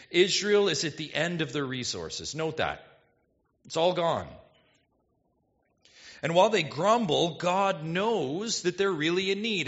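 A male pastor preaching an expository sermon, animated and full of rhetorical questions to the congregation. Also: fairly high pitch, lo-fi sound.

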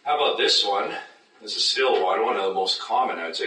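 A man preaching a sermon as pastor, animated, acting out doubters in high mocking voices. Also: fast, slight background noise. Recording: echoey room, mic at a distance.

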